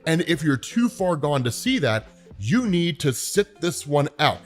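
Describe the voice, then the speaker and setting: A man's voice: fairly high pitch, very animated, measured pace, soft background music. A man reading a firm, protective father-hero. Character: protective grown man, a hero shielding his son.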